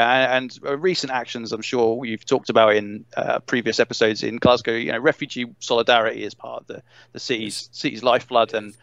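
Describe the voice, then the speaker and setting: A man's voice: mid-range voice, steady tone, fairly quick, creaky, fairly bright tone, no room sound, dull audio. A man as a podcast guest in casual conversation, explaining hesitantly and repeating words.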